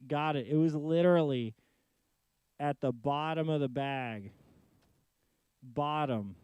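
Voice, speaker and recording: A man's voice: a little high, slow pace, darkish tone, smooth, no room sound. A man casually chatting to himself during a live music stream, rambling and joking while he troubleshoots his gear in a home studio.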